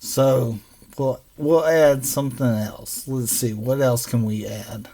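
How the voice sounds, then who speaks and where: A man gives a children's phonics lesson and stretches each letter sound out one at a time. He talks at a very slow, unhurried pace. His voice has a gravelly edge. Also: medium pitch, fairly even intonation, mellow. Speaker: teacher.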